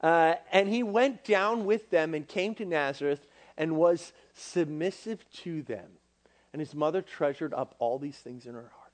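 A young man preaching to a youth group, casual and animated, acting out bits of dialogue with many fillers. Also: a little high, measured pace. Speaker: youth pastor. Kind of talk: sermon to young people.

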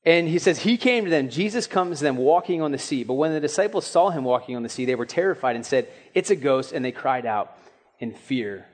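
A young man preaching a sermon in a casual, storytelling way, acting out quick asides and questions. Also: on the high side, expressive. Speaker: pastor.

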